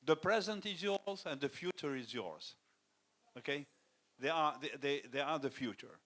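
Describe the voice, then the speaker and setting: A man's voice: a little high, lively intonation, moderate pace, a bit bright. A man who teaches phonetics speaks to students at a school event, restarting his sentences and checking in with "okay?" after each point.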